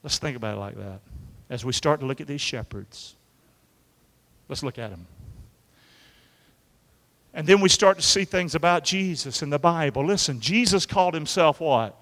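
A male preacher delivers a folksy sermon, calling back to the congregation and acting out quotes. His voice is high and bright, and it swings widely up and down. The sound carries the long echo of a church hall. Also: animated, moderate pace, pauses often. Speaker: pastor. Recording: echoey hall.

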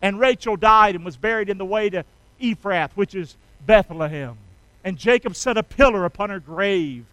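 A middle-aged man preaching a sermon, calling on the congregation to repeat lines with him and rising loud on key phrases. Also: high voice, moderate pace, dry recording, low-quality recording. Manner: call-and-response preaching, asks congregation to repeat. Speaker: pastor.

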